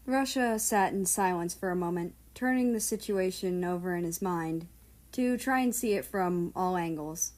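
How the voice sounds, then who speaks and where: A woman reading fan fiction aloud as an audiobook, in a calm, measured narration. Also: lowish voice. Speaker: audiobook reader.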